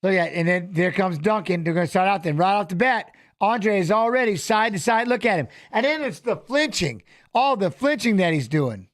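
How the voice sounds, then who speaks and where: At a normal speed, a man whose voice sits high runs a watch-along of a fight, commenting casually and with animation. He coaches the fighters out loud and repeats himself; the studio sound is clean with no echo.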